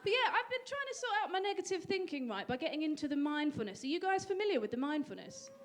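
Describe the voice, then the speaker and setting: High-voiced woman doing stand-up. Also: very animated, quick pace. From England. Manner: dry, self-deprecating delivery with sudden high bursts. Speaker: stand-up comedian. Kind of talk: stand-up comedy set. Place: comedy venue stage. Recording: live audience laughter.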